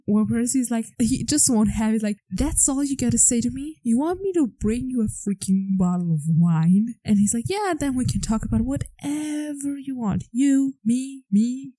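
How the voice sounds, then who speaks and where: A woman's voice: medium pitch, dark tone, dry recording, poor audio. A woman hosting a podcast, chatting enthusiastically through an episode recap with lots of "like" fillers. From grew up on a farm. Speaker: podcast host.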